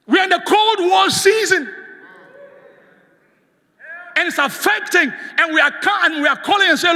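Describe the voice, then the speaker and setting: A man preaching a sermon as guest speaker, passionately shouting calls for the congregation to respond, recorded in a church sanctuary. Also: very high voice, normal speed, long pauses, big-room sound.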